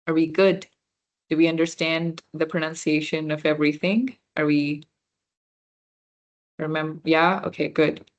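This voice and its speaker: A young French workshop instructor of Punjabi background speaks at a normal speed in a low voice with fairly even intonation. Leading a beginner class, she explains patiently and checks that her students understand.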